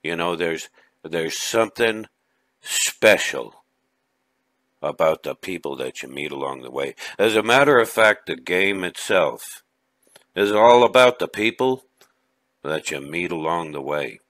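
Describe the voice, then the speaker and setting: A man's voice: deep voice, lively intonation, a little slow, fairly bright tone, no echo. A man playing a brash, chatty middle-aged guy named Vinny, who leaves a rambling, stammering comedic voice message for a friend. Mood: boisterous. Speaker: caller leaving a message for a friend.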